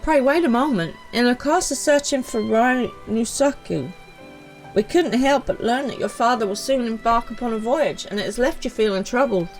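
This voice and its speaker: A woman's voice: on the high side, normal speed, soft background music, voice pushed up, lightly acted. A woman voicing a formal, courtly storyteller from a far land, reading grand, old-fashioned lines aloud from a game.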